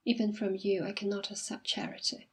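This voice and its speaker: A woman reading aloud as a jilted young woman who is quiet, dignified and self-sacrificing. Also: medium pitch, level tone, brisk, slightly rough, natural voice. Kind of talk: audiobook reading.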